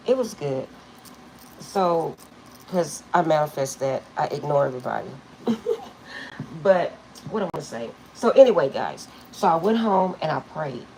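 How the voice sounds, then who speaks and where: A woman's voice: sits low, creaky, darkish tone, slight background noise, poor audio. A middle-aged woman reading tarot, telling rambling stories to her viewers and laughing often. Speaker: tarot reader. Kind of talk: casual storytelling to viewers.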